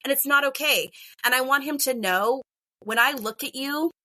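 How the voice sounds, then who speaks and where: A bright, forceful woman's voice, chatty and animated, filled with "like". She is a middle-aged kindergarten teacher on a podcast, and the dry recording has no room sound. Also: high-pitched, moderate pace, no room sound. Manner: chatty, animated, heavy use of "like". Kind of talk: casual podcast interview.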